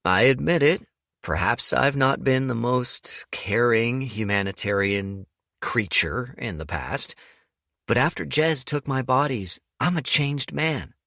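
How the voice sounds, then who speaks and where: A male narrator voicing a sly young man who talks smoothly and plays innocent, as an audiobook character. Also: mid-range voice, animated, slow, bright, forceful tone, no room sound, studio quality, pitched above the performer's own voice, full character voice. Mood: mock-innocent. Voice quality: smooth, wheedling.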